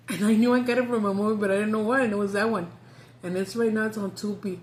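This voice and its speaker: A woman's voice: mid-range voice, fast talker, a little hiss or hum. A woman chatting casually as a vlogger, talkative, swearing freely and laughing often. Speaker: mukbang vlogger. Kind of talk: casual chat.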